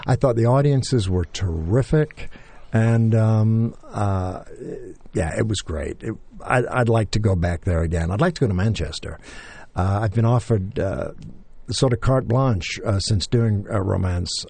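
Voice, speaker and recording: A man's voice: on the low side, vocal fry, darkish tone. An older man, an actor, telling stories in a casual interview, rambling with many restarts and fillers. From England. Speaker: actor guest.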